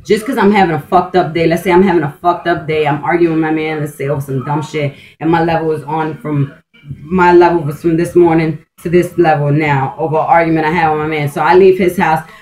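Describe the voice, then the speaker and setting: Her voice sits low with a darkish tone, and she speaks briskly with fairly even intonation on a rough recording. The woman vlogs in a casual, meandering monologue full of swearing, restarted sentences and "like," delivered in a blunt, streetwise, intense and emphatic way.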